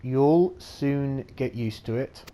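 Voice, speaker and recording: A man's voice: medium pitch, mellow, lightly acted. A man reading as a chatty ship merchant. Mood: friendly. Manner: slow halting reading aloud. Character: chatty male ship merchant, friendly, folksy.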